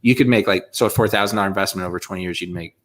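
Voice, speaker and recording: Rapid-fire and deep-voiced with a fairly bright tone, a man co-hosts a podcast in casual conversation. His talk rambles, packed with fillers and laughter.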